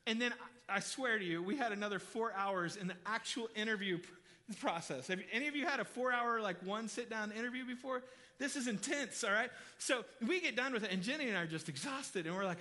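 A male pastor delivers a sermon in a high, ringing voice. He tells stories in a lively, conversational way and keeps turning to the congregation with direct questions. His tone stays bright and forceful throughout. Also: fairly quick. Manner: animated, chatty, addresses the congregation directly. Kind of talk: sermon with personal storytelling.

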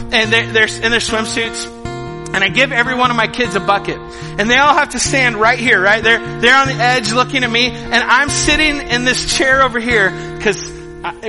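Middle-aged male pastor, high voice, lively storyteller, preaching in a reverberant hall with guitar behind. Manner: animated storytelling, acts out scenes. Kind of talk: sermon.

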